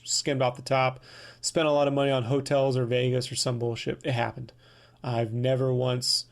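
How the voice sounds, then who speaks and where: Gravelly man ranting on a podcast. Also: medium pitch. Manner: profane, animated ranting with mocking put-on quotes. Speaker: podcast host. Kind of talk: casual ranting monologue.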